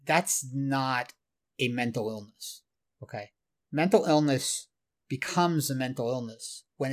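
Man explaining things on a podcast. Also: medium pitch. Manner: explanatory, retells clips in detail, laughs at himself. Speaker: podcast co-host. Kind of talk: casual podcast discussion.

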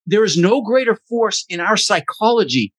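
A man's voice: sits high, animated, moderate pace, a bit bright, slightly rough, dry recording. A man talking as an interview guest, emphatic and motivational, blunt and a little profane. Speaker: podcast guest, real estate investor. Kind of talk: energetic interview talk.

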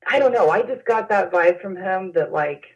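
A woman's voice: medium pitch, lively intonation. Hesitant woman on a dull lo-fi line. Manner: hesitant, halting with many fillers. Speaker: interview guest. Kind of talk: personal recollection in an interview. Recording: dull lo-fi sound.

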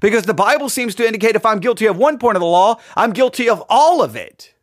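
A man's voice: sits high, sing-song, fast talker, dry recording, studio quality. A man hosting a live podcast, talking earnestly in a sermon-like monologue full of rhetorical questions. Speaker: podcast host. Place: podcast studio.

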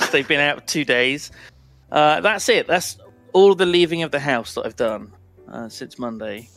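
Rambling young man, slightly high voice. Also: expressive, a little slow, fairly bright tone, no room sound, soft background music. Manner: rambling, self-mocking, laughs often. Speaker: podcast co-host. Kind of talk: casual chat.

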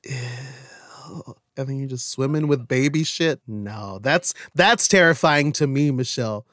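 Casual podcast co-host, man in his thirties, lively and jokey, dry close mic, mid pitch. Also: a little slow, no echo. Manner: animated, laughs often, jumps into silly voices. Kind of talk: casual chat.

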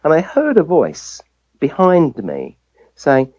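An English man recounts a personal story as an interview guest. His pitch swings widely as he acts out the voices of people he quotes. The recording is dull and lo-fi. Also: slow pace. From England. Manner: lively anecdote-telling, acting out quoted voices. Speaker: guest, family physician.

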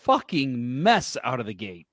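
A man's voice: mid-range voice, big pitch swings, measured pace, a bit bright, no room sound. A man co-hosting a casual hockey podcast, talking bluntly and swearing freely, exasperated with the league. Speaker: podcast co-host.

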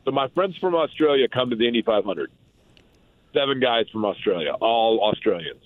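A man's voice: mid-range voice, expressive, normal speed, no echo. Man, radio guest, rambling casual chat, lots of restarts, tinny phone line, dry. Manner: rambling, chatty, many restarts. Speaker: radio guest from another show.

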